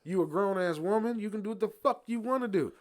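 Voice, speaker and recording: An older man in his sixties is co-hosting a podcast and is plainly fired up. He argues hard and swears freely, and his voice sits fairly high for a man. He presses his point with an emphatic, heated edge. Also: fast, a crowd in the background. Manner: passionate, emphatic, profane. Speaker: podcast co-host. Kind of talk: heated casual debate.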